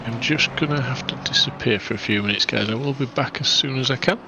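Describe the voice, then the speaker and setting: Gravelly man breaking down race tactics. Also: mid-range voice, fast talker, dull audio, noisy background. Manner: analytical, explains racing tactics. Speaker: co-commentator. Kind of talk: live race commentary.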